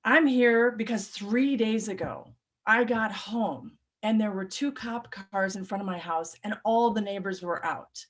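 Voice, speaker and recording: A woman telling a personal true story on stage, animated and shifting between urgent, louder stretches and hushed, quiet ones. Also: mid-range voice, a little slow.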